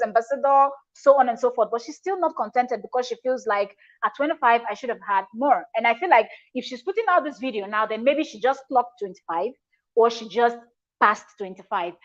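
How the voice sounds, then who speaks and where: A woman's voice: high voice, fairly quick, muffled recording. A woman hosting a reaction video, talking in a chatty, emphatic way with frequent restarts. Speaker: reaction channel host. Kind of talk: casual reaction commentary.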